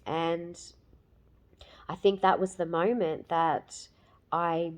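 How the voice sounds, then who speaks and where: A woman in her fifties giving a candid, emotional personal testimonial, with many fillers and pauses. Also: fairly low pitch, steady tone, darkish tone. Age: 50s. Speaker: program client giving a testimonial.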